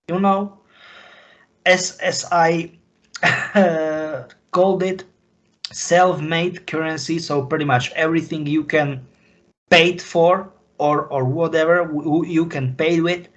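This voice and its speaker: A man from Slovakia, speaking as an interview guest in a halting, impassioned way. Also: fairly high pitch, fairly bright tone, low-quality recording. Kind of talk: emotional interview talk.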